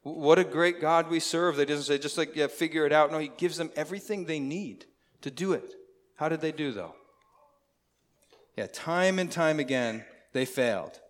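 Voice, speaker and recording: A man's voice: on the high side, normal speed. Conversational man preaching a sermon. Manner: conversational, asks the congregation questions. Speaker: pastor.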